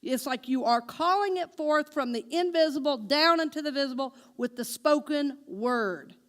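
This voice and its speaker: A woman minister delivering a sermon, asking her congregation questions and speaking affirmations slowly and deliberately. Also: high voice, expressive, a bit bright. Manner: engaging the congregation with call-and-response questions; slow, deliberate spoken affirmations.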